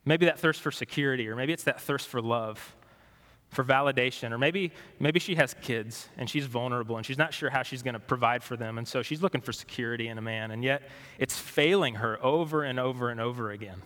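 A man preaching a sermon as pastor, conversational and questioning, moving between animated and hushed delivery. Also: mid-range voice, a little fast, big-room sound.

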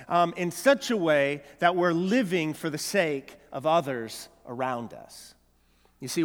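High-voiced preacher in a reverberant hall. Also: male voice, fairly bright tone. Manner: earnest, with frequent small restarts and repeated words. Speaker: pastor. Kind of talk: sermon.

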